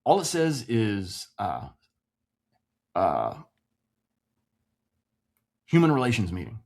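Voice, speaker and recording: A man's voice: fairly low pitch, wildly swooping pitch, takes it slowly, vocal fry, a little mellow. A man in his forties, a military veteran, animatedly telling a personal story in casual podcast chat, swearing freely and acting out quoted voices. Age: 40s.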